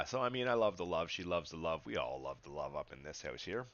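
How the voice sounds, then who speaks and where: Through a webcam, a man styling himself a spiritual teacher banters with his viewers in casual, upbeat, rambling chat, laughing frequently. His extremely low voice is expressive and a bit bright, racing along with hardly any pauses, and the recording is dry and lo-fi.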